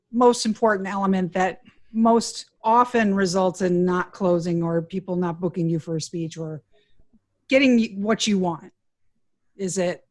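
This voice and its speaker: Chatty woman podcast co-host. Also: mid-range voice. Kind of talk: podcast interview.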